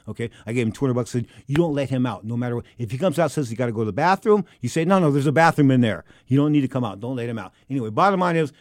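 Fast-talking man telling a lively story. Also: no echo, clean studio sound. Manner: acts out quotes, gets loud and high when excited. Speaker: boxing TV announcer telling a story. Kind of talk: animated storytelling.

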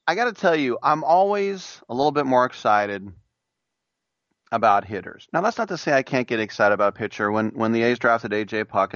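A man's voice: fairly low pitch, a bit bright, dry recording, lo-fi sound. A man hosting a sports talk radio show, chatting in a rambling, jokey way. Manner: rambling, jokey, does impressions of announcers.

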